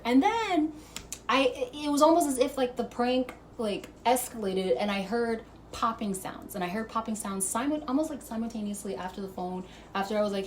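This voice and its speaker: A woman vlogger telling a story to camera, animated and profane, laughing as she goes. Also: a little high, quick pace, slight background noise. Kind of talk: casual storytime monologue.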